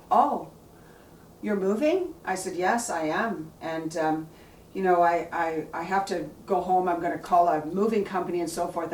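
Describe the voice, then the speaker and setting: A woman's voice: lowish voice, recorded from a distance, a little hiss or hum. A middle-aged woman, telling a personal story in an earnest, rambling way with many restarts. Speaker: blogger telling a family story. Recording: echoey room, voice a bit off-mic.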